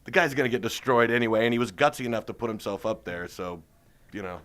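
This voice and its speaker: A man, a stand-up comedian, chatting in an interview and telling animated stories with frequent laughs. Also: mid-range voice, fast talker. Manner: animated storyteller, laughs often. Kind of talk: casual interview chat.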